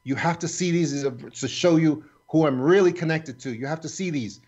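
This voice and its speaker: A man's voice: fairly high pitch, normal speed, a little mellow, slightly rough, dull audio. A man voicing a frantic, sinister man who keeps urgently coaxing someone to come inside. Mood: urgent pleading. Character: frantic pleading middle-aged man, sinister.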